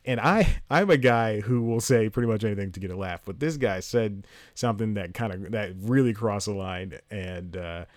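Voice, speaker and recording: A man talks alone into his podcast mic at home, rambling loosely and poking fun at himself. His voice sits low, and the sound is close and dry, with almost no room around it. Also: normal speed, dry recording. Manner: rambling, self-mocking, laughs at own jokes; jumps into high-pitched impressions mid-story. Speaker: podcast host. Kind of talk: solo casual podcast chat. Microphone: home podcast mic, solo at laptop.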